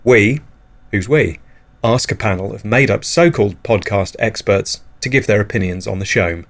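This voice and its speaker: Deadpan man hosting absurd comedy. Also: lowish voice, moderate pace. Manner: deadpan, whimsical, jumps into silly voices. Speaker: podcast host.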